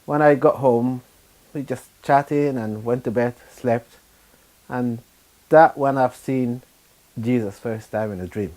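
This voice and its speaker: A middle-aged man from Sudan, giving a personal testimony in a halting, unhurried way with frequent pauses and fillers. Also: medium pitch, a little mellow. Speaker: churchgoer giving his testimony.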